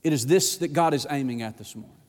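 A pastor preaching a folksy sermon that rises to shouting on its key points. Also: male voice, mid-range voice, quick pace. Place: church sanctuary. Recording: long church reverb.

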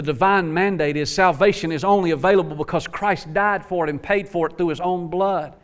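A man's voice: sits high, brisk, few pauses. A man preaching a sermon to his congregation, emphatic and folksy, repeating lines for effect. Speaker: pastor.

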